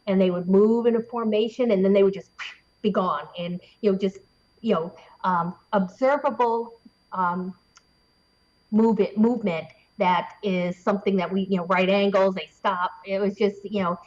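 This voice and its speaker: An excitable woman guest tells her story in a chatty, breathless rush, laughing often and dotting it with fillers. Her voice sits at an ordinary pitch for a woman. The recording is slightly dull and lo-fi. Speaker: interview guest, paranormal investigator. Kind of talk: animated storytelling in an interview.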